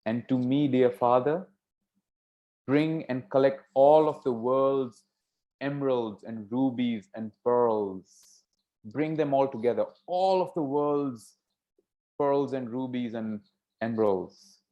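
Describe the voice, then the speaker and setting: A man voicing a sweet young princess who flatters her father, on a dull lo-fi recording. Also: medium pitch, unhurried, close to an everyday voice. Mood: flattering. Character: adoring young princess, second daughter. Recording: dull lo-fi sound.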